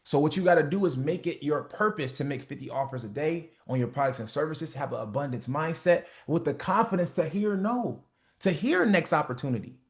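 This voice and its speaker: A man coaching a group on a motivational call, animated and profane, acting out little skits. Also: a little high. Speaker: business coach.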